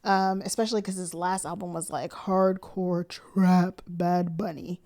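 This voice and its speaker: A young woman chatting to camera for her planner vlog, excited and slangy but sleepy, yawning now and then. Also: lowish voice, measured pace. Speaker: planner vlogger. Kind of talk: casual chat to camera.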